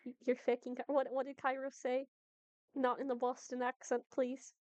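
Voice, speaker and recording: A woman's voice: high-pitched, completely flat delivery, normal speed, darkish tone, no room sound, dull audio. A woman game master chatting casually at a tabletop game, laughing and correcting herself as she talks.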